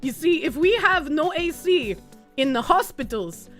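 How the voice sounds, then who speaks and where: A cartoonish, scheming dictator with a thick put-on Eastern bloc accent lays out his plans with smug relish, as a woman acts him out. The delivery is low, slow and over-explained, and the voice is high with lively swings in pitch. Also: faint music behind. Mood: gloating. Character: scheming authoritarian villain leader, male, Eastern European accent.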